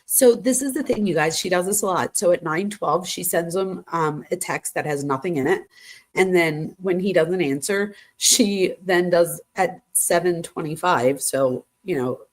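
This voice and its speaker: A woman's voice: lowish voice, unhurried. A woman hosting a true crime live stream, reading texts aloud and reacting to them in a chatty way, talking straight to her viewers. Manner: chatty, addresses viewers as "you guys", gasps and exclaims.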